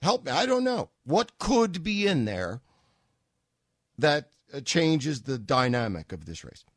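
A man's voice: a little high, very animated, slow pace, fairly bright tone, no echo, clean studio sound. A man hosting a political talk radio show, speaking in a sarcastic, mocking way full of rhetorical questions. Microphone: studio microphone.

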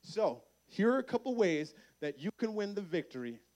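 A man preaching a lively youth sermon at a camp meeting, acting out voices in his stories. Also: high voice, moderate pace. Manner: energetic preaching, acts out voices in quotes. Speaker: camp speaker.

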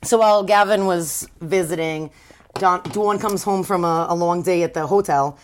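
A woman's voice: on the low side, moderate pace, a little hiss or hum. A woman co-hosting a casual book discussion, chatty and profane as she recaps the plot. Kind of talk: casual chat.

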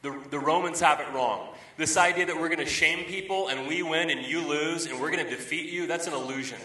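A man in his thirties delivers a conversational sermon in a bright, forward voice. His voice sounds distant and roomy, as if from a mic some way off in a reverberant hall. He tells everyday stories and hammers his points home by repeating key phrases. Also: fairly high pitch, fairly quick. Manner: conversational storytelling, emphatic repetition. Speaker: pastor. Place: church sanctuary.

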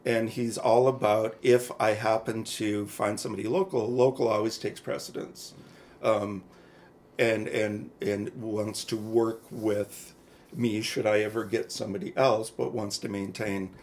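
A man's voice: fairly low pitch, flat delivery, measured pace, a little mellow, slight background noise. A man co-hosting a podcast, telling personal stories to his friends in a frank, chatty way. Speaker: podcast co-host. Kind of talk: candid personal storytelling.

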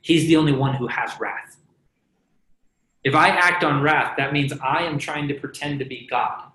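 A man's voice: on the high side, normal speed, pushed and bright. Conversational male preacher, roomy sound. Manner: conversational, asks the crowd "right?" often, jokes and laughs. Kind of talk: sermon. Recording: roomy echo.

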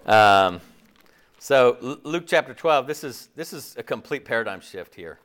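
A man's voice: medium pitch, lively intonation, unhurried, fairly bright tone. A pastor preaching a conversational sermon, acting out quoted voices as he goes.

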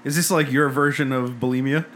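Fast-talking joker guy on a podcast, hissy background. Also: mid-range voice, fairly even intonation. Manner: quick, joking, teasing. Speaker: podcast co-host. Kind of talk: casual chat.

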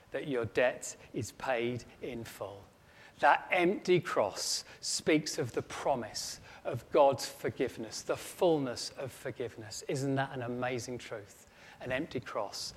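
A man's voice: medium pitch, husky. A man preaching a storytelling sermon with dramatic rising emphasis. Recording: long echo of a large hall.

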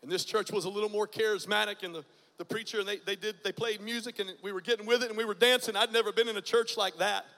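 A man in his forties preaches his testimony with a high, bright voice. He drops to a near hush, then breaks into loud bursts. His voice rings out in a large hall with a long reverb. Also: fairly even intonation, fast talker. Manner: dramatic, swings from hushed to loud bursts. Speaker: guest preacher. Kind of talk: testimony sermon.

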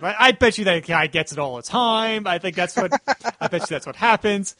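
High-voiced rambling podcast host man. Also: brisk, sharp tone, no echo. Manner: rambling, lots of "like" fillers. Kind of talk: casual podcast chat.

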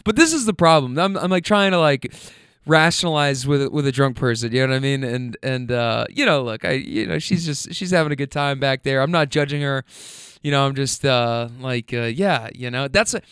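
A man from Louisville with no regional accent, telling a story in an animated, profane, self-mocking way, trailing into fillers. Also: medium pitch, normal speed, clean tone, no echo, clean studio sound. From Louisville, Kentucky. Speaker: storyteller host. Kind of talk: casual comedic storytelling.

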